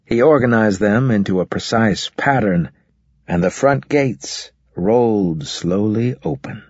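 Male audiobook narrator, husky, low, measured. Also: darkish tone, no room sound. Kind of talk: scripted first-person narration. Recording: dull, muffled audio.

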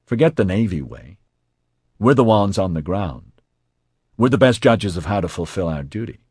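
A man's voice: low-pitched, very animated, normal speed, a little mellow, breathy edge, no echo, studio quality, heavily acted. A man voicing a cool, cold-hearted female medic with an offhand manner.

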